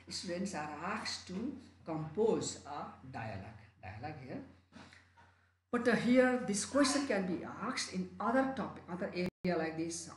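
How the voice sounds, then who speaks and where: A male teacher with a Nepali accent walks students through exam questions, circling back and repeating phrases as he goes. His voice sits a little high, and the room gives it a noticeable echo with a faint hum of ambience behind. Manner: repetitive, restarts and rephrases often. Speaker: English teacher. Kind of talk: online exam-prep lesson.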